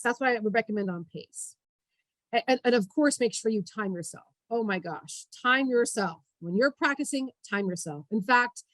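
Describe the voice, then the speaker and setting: A woman giving an online workshop on public speaking. She talks in an energetic, emphatic coaching tone over a video call. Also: on the high side, no echo, poor audio.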